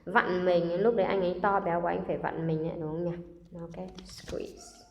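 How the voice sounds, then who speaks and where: A woman with a Vietnamese accent, a native Vietnamese speaker, teaching English by reading a children's story with expression and repeating vocabulary slowly for practice. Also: fairly low pitch, steady tone, creaky, a little mellow, slight background noise. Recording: roomy echo with long reverb.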